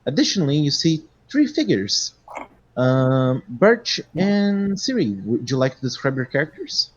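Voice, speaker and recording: A man's voice: a little high, big pitch swings, a little slow, muffled recording. A man narrating a tabletop game as game master, describing scenes with fillers.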